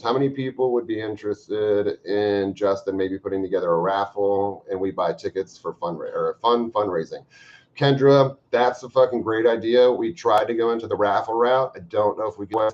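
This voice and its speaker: Low guy swearing and joking on a live stream, kinda dull lo-fi sound. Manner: profane, joking, bursts of loud emphasis. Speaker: livestream host reading viewer comments. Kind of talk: casual livestream chat. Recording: slightly dull lo-fi stream audio.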